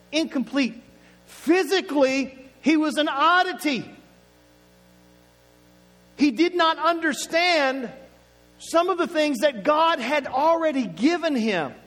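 A man's voice: very high voice, fairly bright tone. A man from Oklahoma with an Oklahoma accent, preaching a sermon in a playful, conversational way and stretching words for emphasis. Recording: echoey hall with faint music.

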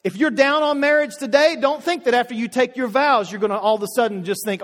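A male pastor preaching with a high, ringing voice. He drives points home by repeating phrases, dropping from loud appeals to near-hushed lines. The sound trails off in the long reverb of a big hall. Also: quick pace. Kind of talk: sermon.

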